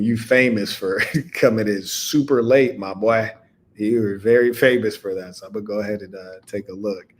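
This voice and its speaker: A man hosting a podcast, speaking in a casual monologue to a live audience, with animated storytelling and laughing asides. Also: on the low side, slight background noise. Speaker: podcast host.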